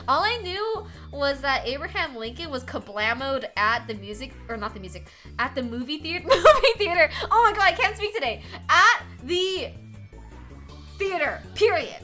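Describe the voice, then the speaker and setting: A woman's voice: sits high, big pitch swings, normal speed, pushed and bright. A young woman streaming, chatting casually, rambling, laughing often and swearing. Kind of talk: casual chat. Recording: faint music behind.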